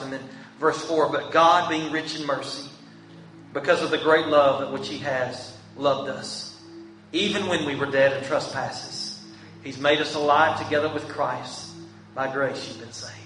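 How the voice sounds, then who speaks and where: A man's voice: on the high side, bright, forceful tone, recorded from a distance. Male pastor, earnest and pleading, heard from afar in a reverberant sanctuary with faint background hum. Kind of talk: sermon. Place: church sanctuary. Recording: echoey church room from afar, faint hum.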